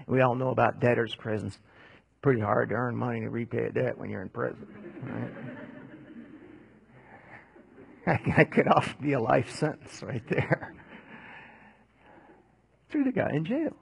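A man preaching a conversational sermon, telling a Bible story in a casual, animated way. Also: mid-range voice, unhurried, gravelly, long pauses, breathy edge, dry recording.

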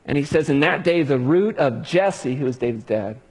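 A husky, slightly high-voiced man preaching a sermon. He builds drama by dropping into hushed pauses, then rising again for emphasis. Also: animated. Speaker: pastor.

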